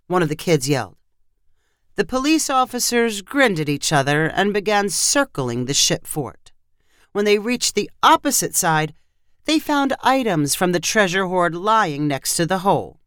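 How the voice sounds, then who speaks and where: Woman narrator, animated story reading, dry close mic. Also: on the low side, moderate pace, no room sound.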